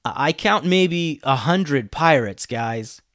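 A man's voice: fairly high pitch, lively intonation, takes it slowly, no room sound, clean studio sound, full character voice. A man voicing an earnest young pirate boy who calls out boldly, read from a storybook. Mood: uneasy. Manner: earnest, loud calling out. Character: bold young pirate boy, eldest brother.

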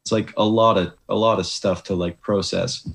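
A man's voice: low voice, steady tone, moderate pace, creaky. A young man, an Olympic ski jumper, talking casually as an interview guest, hesitant with many likes and restarts.

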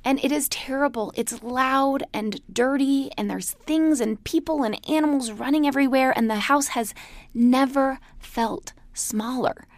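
Woman instructor, casual lecture, gravelly fry, dry close sound, storytelling, laughs often. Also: high voice, a little slow, no echo. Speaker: class instructor.

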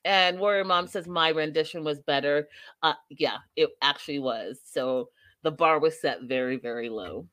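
Woman, reality TV recap host, animated, casual chat, dry close sound. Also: low-pitched, moderate pace, dry recording. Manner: animated, laughing, acts out quotes.

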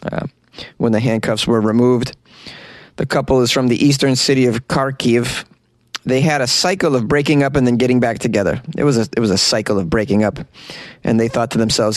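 A man's voice: mid-range voice, steady tone, a little fast. A man with a mid-range voice hosts a comic podcast of strange news, mocking each story with sarcastic asides. He is recorded in a small closet, and the sound is close and dry with no room echo. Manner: sarcastic, mocking commentary with laughs. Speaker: podcast host. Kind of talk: comedic weird-news podcast.

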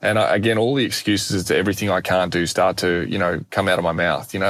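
A young man, an animated, self-deprecating guest telling a personal story in conversation. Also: low voice, fast talker, dry recording. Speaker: guest speaker.

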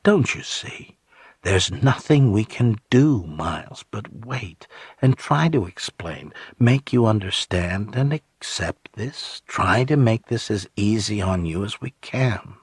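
Man doing a soothing, insistent persuader, gentle yet cold, soft-spoken, husky low voice, dry close sound. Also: expressive, slow, dry recording, exaggerated voice. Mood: coaxing. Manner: soothing, insistent, dropping to a hush. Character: calm, persuasive middle-aged man, coldly gentle.

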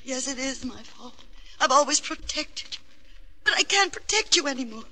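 An actress playing a worn, protective mother who pleads softly and anxiously with her son. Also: high voice, lively intonation, moderate pace, a little hiss or hum, exaggerated voice. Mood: resigned.

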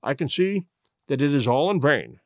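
Firm, measured Victorian detective with a lively delivery, voiced by a male narrator. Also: on the high side, dry recording, studio quality. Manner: firm, measured, brisk when urgent. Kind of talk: audiobook reading.

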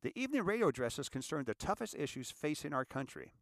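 A man giving a reflective inspirational talk, calling listeners ladies and gentlemen and repeating phrases for emphasis. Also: fairly high pitch, very animated, quick pace, dry recording, studio quality. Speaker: inspirational speaker.

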